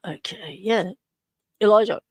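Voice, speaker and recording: A woman's voice: medium pitch, a little slow, a little mellow, no room sound, clean studio sound. Chatty Australian woman hosting a livestream. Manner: chatty, greets viewers by name. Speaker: livestream host. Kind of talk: casual livestream chat.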